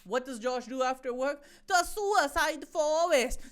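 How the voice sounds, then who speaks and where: A woman playing a hammy promo announcer with a put-on accent, stretching out her words. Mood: mocking. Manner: drawn-out, sing-song pitching.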